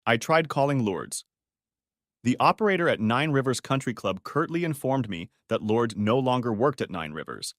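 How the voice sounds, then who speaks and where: A man reading a first-person audiobook story in a steady storytelling manner. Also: mid-range voice, normal speed, no echo, studio quality. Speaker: narrator. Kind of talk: scripted audiobook narration.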